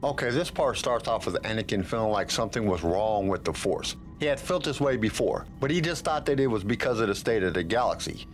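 A man casually recapping and commenting on a chapter of a story he has just read. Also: medium pitch. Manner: conversational, chatty. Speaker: book discussion host.

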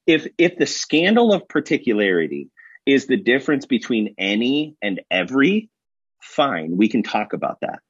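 A man's voice: mid-range voice, very animated, moderate pace, husky, no echo. A man, a guest pastor, talking animatedly in a casual podcast discussion and acting out quotes as he tells a story, in a slightly muffled lo-fi recording.

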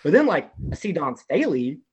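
A man's voice: fairly high pitch, moderate pace, husky, highs cut off. A young man, a guest on a talk show, telling a long, rambling story in a casual way, leaning heavily on the word "like". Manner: animated, rambling, heavy use of "like".

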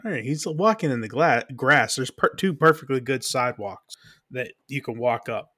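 A man's voice: mid-range voice, expressive, pushed and bright, no echo, studio quality. A married man co-hosting a podcast, telling a meandering anecdote in casual chat. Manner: meandering, halting with fillers. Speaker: podcast co-host.

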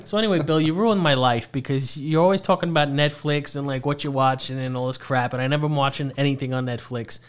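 A man's voice: mid-range voice, steady tone, quick pace, few pauses, clean tone. A man co-hosting a podcast in casual chat, ranting and swearing as he tells irritated stories. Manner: profane, ranting, irritated storytelling. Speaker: podcast co-host.

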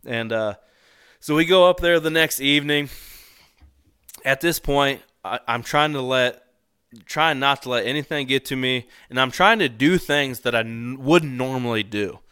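A man telling a story about a hunting trip in a relaxed, conversational way. He laughs often and slips into voices for the people in his tale. His voice is bright and crisp, recorded dry and up close. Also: mid-range voice, moderate pace, no room sound. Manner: animated, laughs often, acts out voices in quotes. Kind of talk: casual storytelling.

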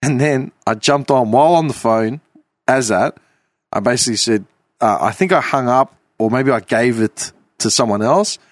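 Aussie guy on a podcast, animated yarn, swears a bit, dry close sound. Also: medium pitch, no room sound. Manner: animated, swearing, quick bursts of laughter. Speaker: podcast host. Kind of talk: casual storytelling chat.

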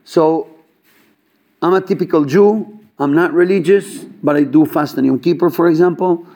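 A man's voice: a little high, normal speed. A man telling a story at a casual gathering, talking loosely with many fillers and acting out the people in it. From Chabad yeshiva student background. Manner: animated, acts out quoted dialogue, many fillers.

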